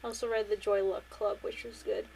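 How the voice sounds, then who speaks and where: A woman's voice: mid-range voice, level tone, brisk, darkish tone, a little hiss or hum, rough recording. A woman co-hosting a casual book club podcast, laid-back, with short reactions and mild swearing. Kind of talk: casual chat.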